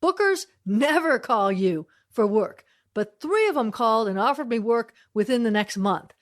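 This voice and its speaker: A woman's voice: a little high, animated, moderate pace. A middle-aged woman comedian telling a personal story in a chatty way, laughing between lines.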